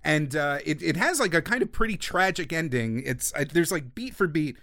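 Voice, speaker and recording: A man's voice: a little high, animated, moderate pace, fairly bright tone, dry recording, clean studio sound. A man co-hosting a film podcast, explaining in a loose, filler-heavy way. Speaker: podcast co-host. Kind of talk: casual film discussion.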